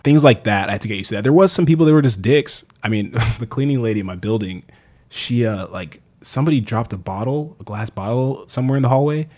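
A man's voice: mid-range voice, fast, darkish tone. A man in casual conversation, telling stories animatedly and swearing freely, acting out what people said. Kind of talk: casual chat, storytelling.

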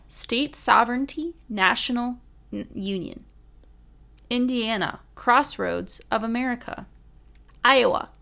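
A woman's voice: on the high side, creaky, fairly bright tone. A woman casually reading a list aloud, stumbling over foreign words and apologizing with a laugh. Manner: reads each item deliberately.

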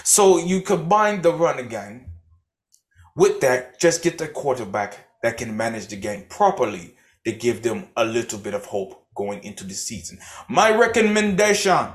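A man's voice: medium pitch, expressive, normal speed. A young man co-hosting a casual sports podcast, talking in a mock-formal, wordy analyst style. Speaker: podcast co-host.

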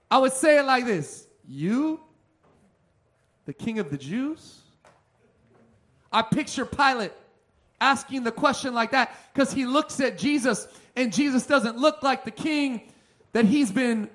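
A man preaching as a pastor, emphatic, swinging between loud passages and soft ones. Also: extremely high pitch. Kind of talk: sermon.

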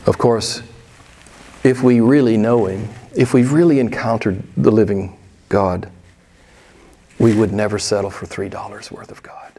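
A man's voice: on the low side, steady tone, measured pace, pauses often, dark tone, slightly rough. A pastor in his sixties preaching a candid, conversational sermon and putting pointed questions to his congregation in a church. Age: 60s. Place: church sanctuary.

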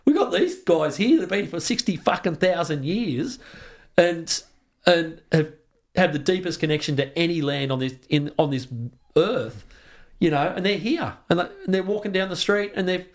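A man's voice: on the high side, animated, normal speed. Fired-up Australian man, swearing freely. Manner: passionate, heavy swearing, many restarts. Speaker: podcast guest. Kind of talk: casual conversation.

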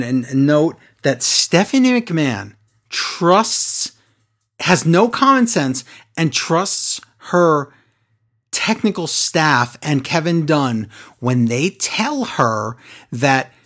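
A man co-hosting a casual wrestling podcast, recapping with animated asides. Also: a little high. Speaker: wrestling show co-host.

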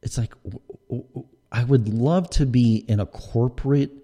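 A man's voice: medium pitch, normal speed, mellow. A man hosting a podcast, ranting casually in a profane, rambling way. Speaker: podcast host.

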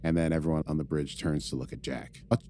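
A man recapping an episode in relaxed, wry chat, chuckling at his own asides. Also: very deep voice, quick pace. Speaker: podcast co-host recapping episodes.

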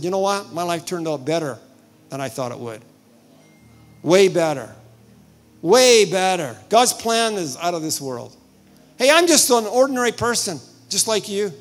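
An older man preaching a sermon, telling personal stories with animated retelling of dialogue and sudden loud bursts. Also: high-pitched. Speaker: visiting preacher.

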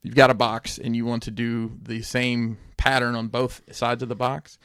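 Gravelly man chatting. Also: medium pitch, normal speed, no room sound, studio quality. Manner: rambling, animated, swears casually. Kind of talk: casual podcast chat.

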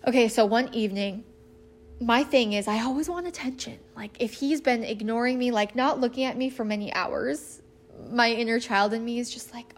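A woman's voice: fairly high pitch, moderate pace. A woman in her thirties talking casually and earnestly about her relationship, acting out lines she quotes. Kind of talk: casual personal storytelling.

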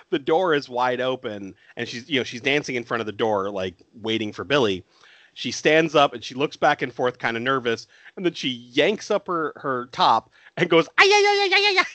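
A man's voice: mid-range voice, a bit bright, no echo. A man co-hosting a casual film chat, recapping scenes and laughing often.

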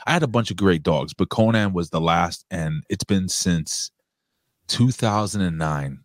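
Man, co-host, very low voice, dry recording, blunt and profane, casual chat. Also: measured pace, dry recording. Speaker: talk show co-host.

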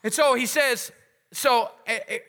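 A pastor delivers a sermon in a large church sanctuary, his high, bright, sharp voice ringing through the reverberant hall. He speaks a little slowly, emphatic but conversational, and keeps checking in with the congregation.

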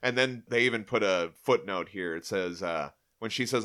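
Bright-voiced man recapping comics. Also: fairly low pitch, moderate pace, few pauses. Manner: animated, acts out quotes. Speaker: podcast host. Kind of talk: casual comic book recap.

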